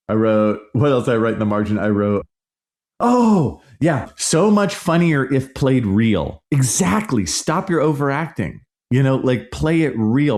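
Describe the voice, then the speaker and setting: A man's voice: mid-range voice, darkish tone. A middle-aged man hosting a casual solo podcast, reviewing a movie in a frank, exasperated rant. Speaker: podcast host.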